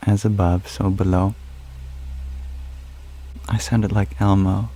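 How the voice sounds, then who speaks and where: A man speaking softly and calmly as an ASMR livestream host, answering viewer questions. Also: deep voice, slow. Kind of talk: soft-spoken ASMR livestream chat.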